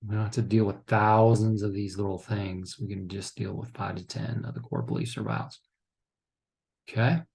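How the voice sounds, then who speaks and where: A man teaching counselors in a low, gravelly voice with a dark, mellow tone. He lectures in an instructive way, keeps checking in with "okay?", and sometimes acts out what couples say to each other. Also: little pitch movement, normal speed. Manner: acts out couples' lines in quotes. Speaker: counseling trainer. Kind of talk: recorded training lecture.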